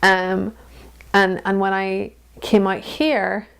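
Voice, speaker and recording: Woman in her thirties, interview guest; candid, lively, quick to laugh, mid-pitched voice. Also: creaky, clear, resonant tone. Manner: frank, laughs often, animated storytelling. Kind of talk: candid personal conversation.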